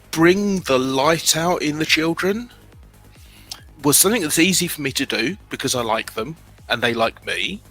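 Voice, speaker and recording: A middle-aged British man with a bright, sharp tone shares his story as an interview guest. He is animated and self-deprecating, and he trips over and restarts his sentences as he goes. Faint music plays underneath. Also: on the high side, low-quality recording. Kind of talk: candid personal storytelling.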